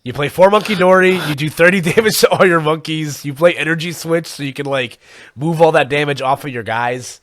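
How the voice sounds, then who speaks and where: A man's voice: a little high, a little fast, a bit bright, no room sound, studio quality. A man co-hosting a podcast in casual chat, rambling with lots of fillers and frequent chuckles. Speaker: podcast co-host.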